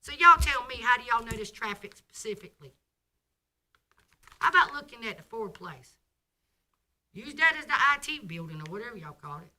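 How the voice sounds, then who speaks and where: A woman's voice: mid-range voice, bright, forceful tone. A woman giving an indignant, scolding public comment at a school board meeting.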